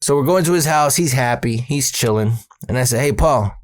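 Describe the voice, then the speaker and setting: Profane, animated male storyteller. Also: mid-range voice, brisk, no room sound, studio quality. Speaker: comedian telling a story. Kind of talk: comedic storytelling.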